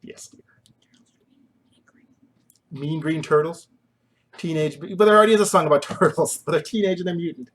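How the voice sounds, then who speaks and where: Talking fast in a higher-pitched voice, a man chats casually on a live stream from his kitchen, slight background noise behind him. He rambles goofily, pokes fun at himself, and breaks into made-up joke songs.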